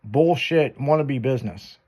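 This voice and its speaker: A man's voice: medium pitch, measured pace, darkish tone. A man hosting a chat show, telling crude stories and laughing as he goes. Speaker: show host. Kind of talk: casual profane chat show banter.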